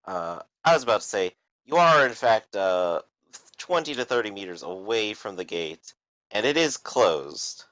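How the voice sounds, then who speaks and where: A man's voice: fairly low pitch, animated, measured pace, fairly bright tone, no echo. A man running a tabletop game as game master, describing the scene with frequent "uh" fillers.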